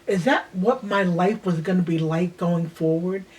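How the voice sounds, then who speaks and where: Slow, soft-spoken woman recalling her childhood. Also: on the low side. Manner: slow, reflective, drops to near-whispers. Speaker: host. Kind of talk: personal storytelling.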